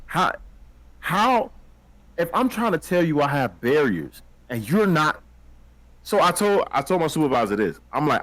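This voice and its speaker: A man co-hosting a podcast in casual chat, blunt and animated, laughing often. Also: a little high, measured pace, no echo, low-quality recording. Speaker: podcast co-host.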